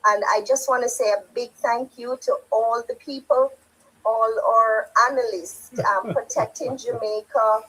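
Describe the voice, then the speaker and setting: Woman moderator, husky, slightly high voice, soft-spoken thanks to viewers on a live stream. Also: steady tone, measured pace, poor audio. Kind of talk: casual live-stream chat.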